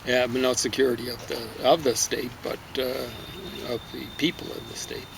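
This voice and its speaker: A man's voice: mid-range voice, level tone, normal speed, creaky, heavy background noise. A man giving a casual spoken book review, rambling and stumbling over foreign names. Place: outdoor garden.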